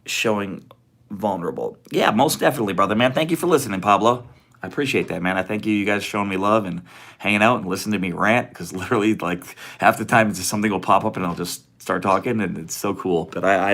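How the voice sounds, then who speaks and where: Low-voiced laid-back livestream host. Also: male voice, a bit bright. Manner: laid-back, greets viewers with slang like homie and brother. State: a bit out of breath. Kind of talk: casual livestream chat. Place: home office.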